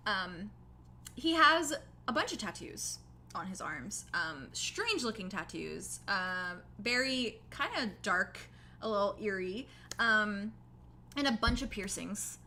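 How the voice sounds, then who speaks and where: Bright-voiced young woman game master. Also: medium pitch, animated, takes it slowly, slight background noise. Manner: casual, many fillers like um. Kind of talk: narrating a tabletop game.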